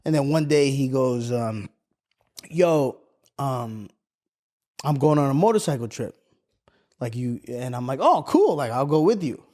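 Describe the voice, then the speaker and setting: A man's voice: mid-range voice, expressive, unhurried, long pauses, a little mellow. A young man, a podcast co-host telling a story in casual chat, acting out the quotes and swearing freely.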